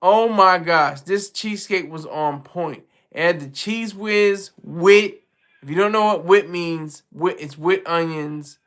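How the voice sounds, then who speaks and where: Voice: mid-range voice, measured pace, hardly any pauses, fairly bright tone. A live-stream host chatting casually with viewers, rambling, restarting sentences and laughing often. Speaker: livestream host.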